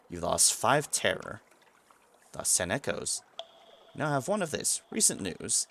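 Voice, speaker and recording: A man's voice: mid-range voice, big pitch swings, unhurried, vocal fry, pauses often, fairly bright tone, slight background noise. A man streaming a video game, musing aloud about his choices and reading the game's text to himself in a casual way. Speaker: let's play streamer.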